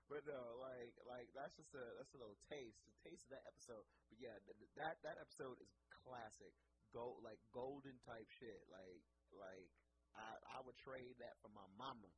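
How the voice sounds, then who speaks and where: A man's voice: medium pitch, normal speed. A young man casually retelling a podcast episode, rambling, profane and laughing often. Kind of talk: casual storytelling. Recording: noisy background ambience.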